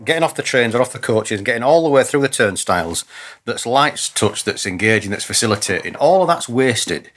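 A man's voice: mid-range voice, animated, fairly quick, a bit bright. A man, a senior police officer, talking earnestly as an interview guest, often restarting and repeating words as he thinks. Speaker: police chief superintendent, guest. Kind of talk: conversational interview.

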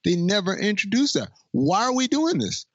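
A man's voice: high-pitched, sing-song, normal speed, dry recording, muffled recording. A man co-hosting a podcast, exasperated and firing off rhetorical questions in a casual movie review chat. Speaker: podcast co-host.

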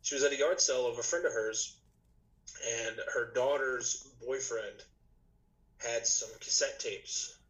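A man chatting as a podcast guest, telling a long story in a loose, rambling way. He restarts sentences often and leans on fillers. His voice is a little rough today. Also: mid-range voice, steady tone, unhurried, fairly bright tone, low-quality recording. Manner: rambling, many restarts and "you know". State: slightly rough voice, clearing throat. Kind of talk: casual storytelling chat.

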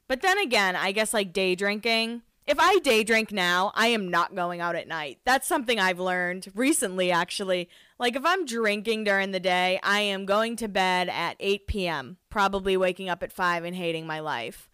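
A chatty woman hosts a casual recap show, talking loosely with plenty of "like" fillers. Her voice is smooth and resonant. The recording is close and dry, with no room sound. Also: mid-range voice, sharp tone, dry recording. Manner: chatty, lots of "like" fillers, self-deprecating. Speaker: podcast host recapping a reality show. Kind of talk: casual chat.

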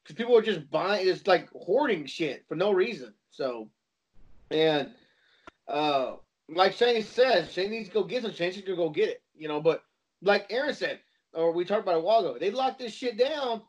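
A man's voice: sits high, animated. Rambling man on a dull lo-fi mic. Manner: rambling, halting. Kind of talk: casual group chat.

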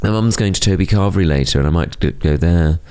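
A man co-hosting a podcast, chatting in a relaxed, self-deprecating way with plenty of fillers. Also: deep voice, quick pace, smooth. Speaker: podcast co-host. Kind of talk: casual chat.

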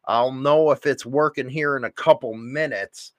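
A man's voice: mid-range voice, moderate pace, no room sound. A middle-aged man hosting a casual livestream, reading chat comments and ranting bluntly with strong opinions. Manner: blunt, opinionated, rising to loud rants. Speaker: livestream host.

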